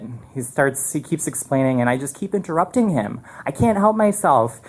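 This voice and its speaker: Speaking into a microphone on a live stage, a man tells a story in an animated, rambling way, building the scene with restarts and fillers in a loose rather than polished style. His pitch is medium, his pace moderate, and he hardly pauses at all.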